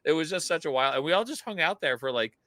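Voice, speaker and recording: A man hosting a podcast, telling stories in an animated way and laughing often. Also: fairly high pitch, fast talker, no echo. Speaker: podcast host. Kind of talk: casual chat.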